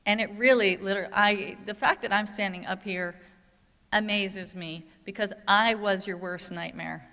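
Woman telling her story at a conference, candid and chatty, bright voice, echo from a big room. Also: mid-range voice, normal speed. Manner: earnest, conversational, candid. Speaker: conference speaker, parent advocate. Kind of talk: personal storytelling talk. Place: conference hall. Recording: long reverb from a large hall.

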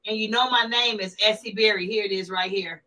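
A woman hosting a casual livestream, chatting back to viewers' comments in an animated way. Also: medium pitch, fairly quick, low-quality recording. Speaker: livestream host.

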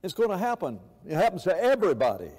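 A man's voice: high voice, huge pitch swings, fast, darkish tone, slightly rough. A man preaching a sermon in an impassioned way, often repeating words and restarting phrases. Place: church sanctuary. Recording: echoey church hall.

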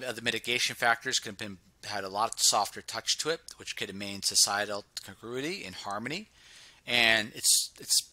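A man with a very bright, forceful voice reads a research paper aloud for his channel, breaking off to add his own comments. He repeats and restarts words often, and slows right down to drive key phrases home. The sound is dry and close, with no room in it. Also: mid-range voice, dry recording. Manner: reads passages aloud with frequent stumbles and asides. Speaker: channel host reviewing research. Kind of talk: reading aloud and commenting on a study.

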